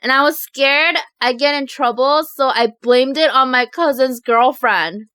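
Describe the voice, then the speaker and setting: A woman vlogger chatting casually as she reads out viewer confessions, telling them in an animated, giggly way. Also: high-pitched, measured pace, clean tone, no echo. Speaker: mukbang vlogger.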